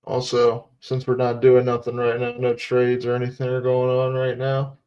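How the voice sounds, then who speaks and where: A man's voice: mid-range voice, completely flat delivery, normal speed, mellow, clean tone. A man casually talking through a live sports stream, repeating himself and muttering asides. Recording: dull lo-fi stream audio.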